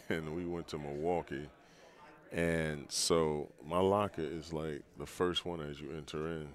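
Deep-voiced older man telling stories. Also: measured pace. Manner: relaxed, rambling, frequent restarts and laughs. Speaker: former pro basketball player, guest. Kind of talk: storytelling in a podcast interview.

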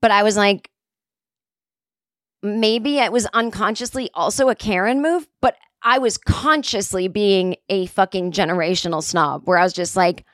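Forties woman rambling thru a story, self-mocking, swears a lot, middle pitch, dry close sound. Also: moderate pace, a bit bright, no room sound. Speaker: comedic storyteller. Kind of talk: casual anecdote telling.

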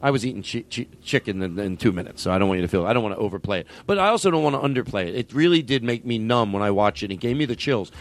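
A man's voice: fairly low pitch, lively intonation, very fast, hardly any pauses. A man hosting a comedy podcast, chatting casually in a rambling way with many restarts. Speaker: podcast host.

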